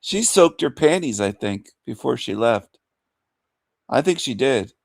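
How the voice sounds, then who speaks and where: A man rants on his livestream with a gravelly, creaky voice at an unhurried, drawn-out pace. He taunts and insults, chuckling between his jabs, and the sound is close and dry. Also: medium pitch, animated, no room sound. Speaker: livestream host. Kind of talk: livestream rant.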